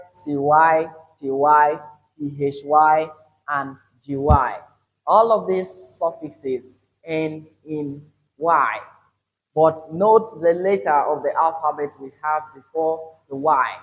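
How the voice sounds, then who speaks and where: A man's voice: fairly high pitch, poor audio. A man teaching an English lesson on word stress, stretching out example words with emphasis. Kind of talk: classroom-style video lesson.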